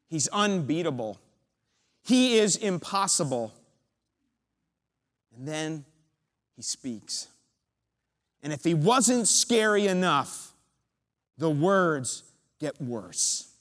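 A man preaching a sermon, retelling a story with dramatic build-up and pauses. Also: high-pitched, a bit bright, in a large hall.

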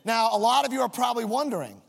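A man's voice: very high voice, lively intonation, fast, gravelly, slight background noise. A man in his thirties preaching a sermon, telling a comic, self-mocking story about his own family. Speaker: pastor. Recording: long reverb of a large hall.

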